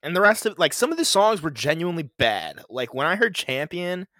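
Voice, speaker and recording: A man's voice: fairly high pitch, big pitch swings, a little fast, pushed and bright, no room sound, clean studio sound. A man co-hosting a podcast, chatting casually about new music, rambling with fillers and laughing as he goes. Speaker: podcast co-host. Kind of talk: casual music review chat.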